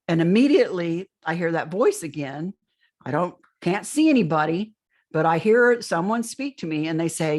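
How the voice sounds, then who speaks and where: A woman's voice: on the low side, animated, moderate pace. An older woman, a podcast interview guest, telling a long first-person account of a strange experience, rambling and often restarting her phrases.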